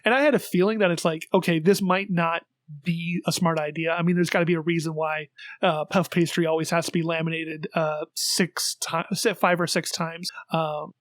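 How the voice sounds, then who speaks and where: A man co-hosting a casual podcast chat, rambling in an animated way with lots of fillers and restarts. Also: on the high side, moderate pace, no echo. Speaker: podcast co-host.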